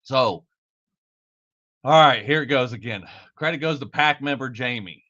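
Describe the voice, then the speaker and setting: A man's voice: medium pitch, normal speed, sharp tone, lo-fi sound. Swearing, laughing podcast man. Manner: swears a lot, laughs off his own mistakes. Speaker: podcast host. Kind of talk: casual live podcast talk.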